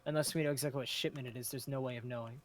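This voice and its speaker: A man in character in a role-play, talking through plans and telling a story in a measured, deliberate way. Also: mid-range voice, fairly even intonation.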